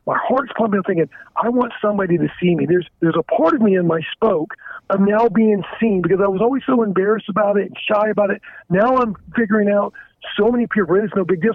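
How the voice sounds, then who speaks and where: Man, candid caller, stumbling restarts, high voice, phone-line sound. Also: no room sound. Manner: halting, frank, stumbling restarts. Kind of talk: candid confessional phone talk. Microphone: telephone.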